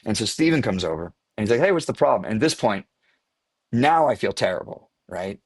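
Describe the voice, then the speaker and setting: A man with a somewhat low, husky voice spins a casual anecdote as a guest on a podcast. He is animated, laughing at his own story as it unfolds. The sound is close and dry. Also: brisk, no room sound. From US Midwest. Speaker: actor guest.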